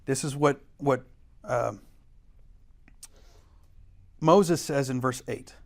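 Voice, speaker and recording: A man's voice: medium pitch, very slow, vocal fry. A man teaching an adult Bible study in a church, explaining scripture earnestly and pressing hard on key words. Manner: brief acted quotes of scripture figures. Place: church classroom.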